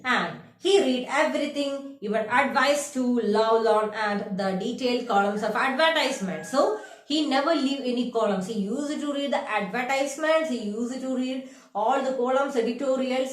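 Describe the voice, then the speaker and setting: A woman's voice: fairly high pitch, moderate pace, echoey room. A young woman teacher with an Indian English accent, reading a story aloud to a class and stopping to explain the meaning of each word. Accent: Indian English, from Kerala. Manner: reads lines aloud, then paraphrases and defines words. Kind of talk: explaining a literature text to a class.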